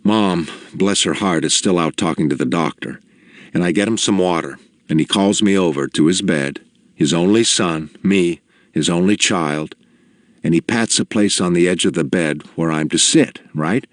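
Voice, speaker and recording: A man narrating a personal story in the first person, slow, measured and reflective. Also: sits low, no room sound, clean studio sound.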